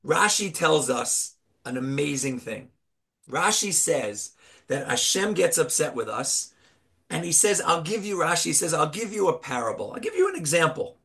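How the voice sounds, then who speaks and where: High-voiced man teaching Torah. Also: moderate pace, creaky. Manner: animated storytelling, rhetorical questions. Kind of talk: Torah class.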